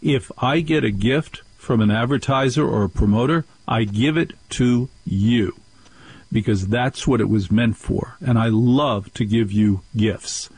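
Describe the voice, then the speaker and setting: Man, radio host, husky voice, animated storyteller, does the voices of people he quotes. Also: medium pitch, measured pace, low-quality recording. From New Jersey. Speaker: radio talk show host. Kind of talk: talk radio monologue.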